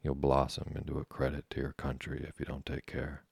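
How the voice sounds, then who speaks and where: A man voicing a bored, sarcastic gentleman passenger with a lazy drawl, in a read-aloud novel. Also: extremely low pitch, completely flat delivery, fairly quick, creaky, breathy edge, dry recording, full character voice.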